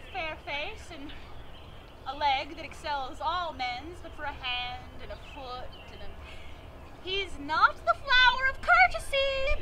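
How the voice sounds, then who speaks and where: A woman's voice: extremely high pitch, heavily acted. A woman playing a chatty, teasing older nurse in an outdoor amateur Shakespeare performance, rambling and giggling as she complains. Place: outdoor park stage. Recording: loud outdoor noise, distant mic.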